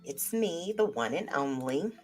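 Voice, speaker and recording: A woman hosting a live tarot stream, chatting casually and lively with her viewers. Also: deep voice, measured pace, faint music behind. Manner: lively, chatty, talks to viewers as y'all and child.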